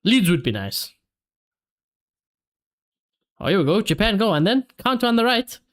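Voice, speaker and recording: Excitable high-voiced streamer. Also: male voice, moderate pace. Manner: excitable, reacts to play and reads viewer comments aloud. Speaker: streamer hosting a match watchalong. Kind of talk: live football watchalong reaction.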